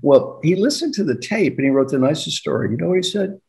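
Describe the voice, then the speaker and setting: An older executive coach gives a storytelling talk on leadership, speaking fast with a lively, swooping pitch and some vocal fry. His voice is dark and mellow, and he animatedly acts out both sides of remembered conversations, laughing as he goes.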